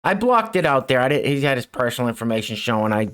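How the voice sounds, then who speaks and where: Sarcastic middle-aged man with lively pitch. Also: quick pace, clear, resonant tone. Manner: sarcastic, chuckling asides. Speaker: show host. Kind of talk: mocking news commentary.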